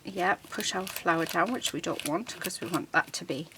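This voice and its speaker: Against a noisy background, a woman with a lowish voice hosts a relaxed card-making tutorial from her crafting desk. She chats her viewers through every step in an unhurried way, with many ums and restarts.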